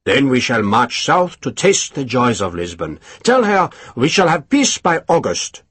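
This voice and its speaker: A male narrator voicing a genial, gentle-mannered French marshal in an audiobook. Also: mid-range voice, sing-song, measured pace, slightly rough, dry recording, exaggerated voice.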